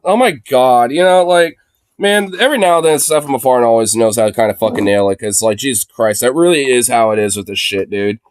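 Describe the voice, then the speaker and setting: Rich: A man at middle pitch talks as co-host in loose, profane banter, rambling with lots of fillers and breaking into laughter. The sound is close and dry, with no room around it. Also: expressive, brisk, smooth, dry recording. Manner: laughing, rambling, swears a lot. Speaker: co-host reacting to clips.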